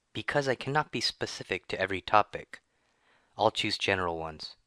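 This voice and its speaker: Man, scripted lesson narration, slow careful reading, tense bright tone. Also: lowish voice, no room sound. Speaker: English teacher.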